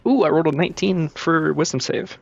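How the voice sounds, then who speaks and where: A man playing a tabletop game, chatting casually and thinking aloud with hesitant pauses. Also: a little high, gravelly, breathy edge, dull audio, soft background music. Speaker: player.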